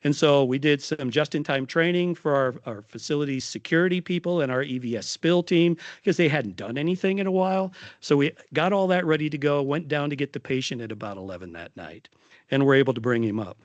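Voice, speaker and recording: Middle-aged male nurse leader at a podium, animated anecdote, dry mic. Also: fairly high pitch, fairly quick, dry recording, muffled recording. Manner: animated storytelling with voiced quotes. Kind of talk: conference talk.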